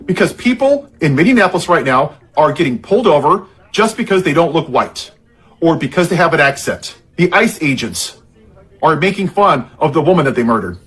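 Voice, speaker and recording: A man's voice: on the high side, big pitch swings, moderate pace, a bit bright, slightly rough. A man in an impassioned political rant, angry and heavily sarcastic, sounding worked up and frustrated. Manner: angry and sarcastic, heavy irony.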